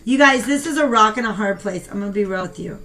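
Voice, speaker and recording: A woman's voice: medium pitch, fast, a little hiss or hum. Chatty young woman giving a tarot reading. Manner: chatty and animated, talks to viewers as "you guys". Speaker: tarot reader. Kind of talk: casual spoken tarot reading.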